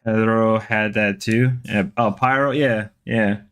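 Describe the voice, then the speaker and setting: A man's voice: on the low side, steady tone, unhurried, a bit bright, clear, resonant tone. A man hosting a casual livestream, chatting loosely and reading viewer comments, repeating himself as he rambles. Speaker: livestream host.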